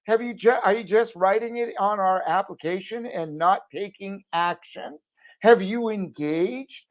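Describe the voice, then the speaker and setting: A middle-aged man delivers an exhorting pep talk straight to camera, pressing hard on his points. His voice swings from loud, urgent pushes down to hushed asides. The audio sounds dull and lo-fi. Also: high-pitched, a little slow. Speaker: jewelry business owner.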